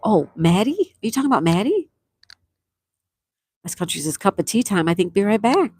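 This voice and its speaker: Very animated and brisk, this middle-aged woman's mid-range voice has a darkish, slightly rough tone as she affectionately reads out chat messages on her casual livestream, laughing often. The recording is dry.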